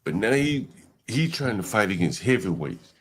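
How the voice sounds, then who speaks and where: A man's voice: on the low side, very animated, moderate pace. A man hosting a livestream, giving blunt, slangy reaction commentary and talking back at clips. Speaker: livestream host.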